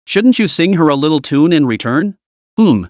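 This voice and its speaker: A man's voice: on the high side, very animated, normal speed, darkish tone, no room sound, clean studio sound. A man voicing a playful, teasing godmother in an audio story, with a giggly, theatrical way of talking.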